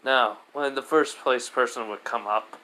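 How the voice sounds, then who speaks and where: A man voicing a dry, unbothered male teacher who talks slow and clipped. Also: mid-range voice, sharp tone, slight background noise, poor audio.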